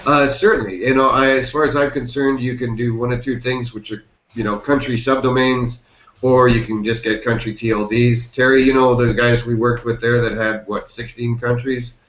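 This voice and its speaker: A man's voice: medium pitch, flat delivery, normal speed, fairly bright tone. A man hosting a casual group chat, loose and laughing, thinking aloud with lots of fillers. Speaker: chat host. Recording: echoey, dull call audio.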